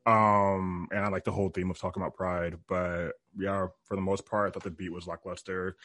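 A man's voice: sits low, level tone, brisk, a bit bright, no echo. A man co-hosting a podcast, giving a blunt, dismissive critique with many ums in a casual music review chat. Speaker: podcast co-host.

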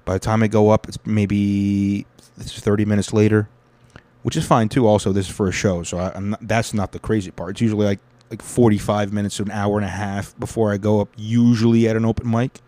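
A man's voice: lowish voice, flat delivery, brisk, mellow, dry recording. A young man hosting his own podcast, ranting with heavy swearing and then telling stories about doing stand-up comedy. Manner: angry, profane ranting that settles into reflective storytelling. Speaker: podcast host and stand-up comic.

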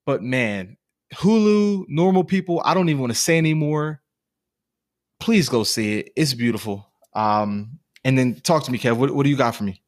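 A man's voice: medium pitch, expressive, moderate pace, no room sound, clean studio sound. A man in his twenties co-hosting a casual chat, enthusiastically recommending shows and books. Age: 20s. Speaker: podcast co-host.

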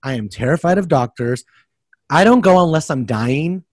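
A man co-hosting a casual podcast, animated and profane, who often acts out other people's voices. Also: a little high, normal speed. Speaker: podcast co-host.

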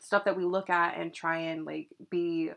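A young woman co-hosting a podcast, chatty and warm-hearted in casual conversation, with lots of "like" fillers. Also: on the low side, flat delivery, normal speed, vocal fry. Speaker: podcast co-host. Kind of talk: casual chat.

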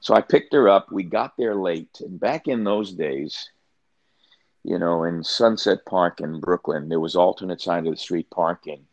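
A man's voice: deep voice, unhurried, dry recording, muffled recording. An older man, a pastor, telling a personal story as an interview guest, earnest and often restarting his sentences.

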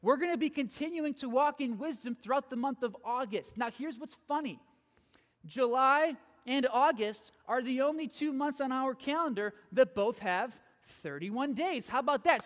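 Male pastor with a very high voice, preaching energetically in a church hall with long reverb. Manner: energetic, repeats phrases, checks in with "okay?". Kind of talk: sermon.

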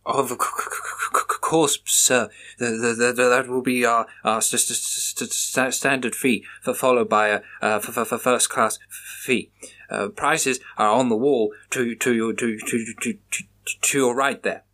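A man's voice: medium pitch, fairly even intonation, moderate pace, pushed and bright, close to an everyday voice. A man voicing a male post office clerk who stutters heavily on his words. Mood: nervous. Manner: heavy stutter, repeated syllables.

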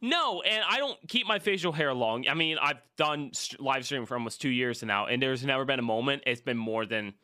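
A male podcast host chatting casually, animated and swearing freely, with some consonants blurred and P and B sounds mixed. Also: medium pitch, a little fast, hardly any pauses, clean tone, no room sound, studio quality.

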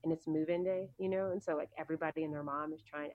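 A woman with a deep voice speaks quickly and fairly evenly as a podcast guest, recorded dry with narrow, tinny audio. In a casual interview, she tells stories from her career, chatty and rambling with many ums and likes.

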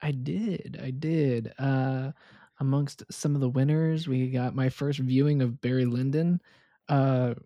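A podcast co-host chatting about films in a relaxed, easygoing way with dry humor. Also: mid-range voice, unhurried, no room sound, lo-fi sound. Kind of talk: casual film chat.

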